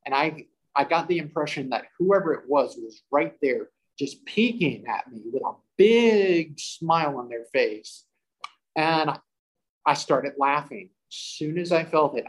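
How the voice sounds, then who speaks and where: A man's voice: on the high side, poor audio. A man telling a first-person story about a paranormal investigation, acting out the quotes and breaking into laughter.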